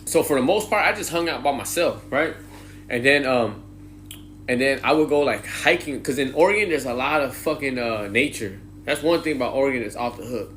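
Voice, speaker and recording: Streetwise man spinning a story, bright and lively delivery, faint hiss behind. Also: a little fast. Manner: animated, slangy, swearing, mimics high-pitched greetings. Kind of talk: casual storytelling monologue.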